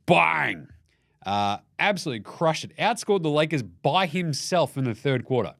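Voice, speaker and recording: A man's voice: a little high, normal speed, creaky, no echo, clean studio sound. A man with an Australian accent hosting a casual basketball recap, ranting with a lot of swearing and jokes. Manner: profane, animated, jokey rant. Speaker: basketball show host.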